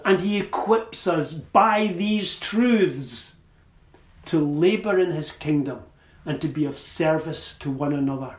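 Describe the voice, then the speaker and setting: Slow, high-pitched preacher in an echoey hall. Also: male voice, darkish tone. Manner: slow, measured preaching with rising emphatic phrases. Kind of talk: sermon.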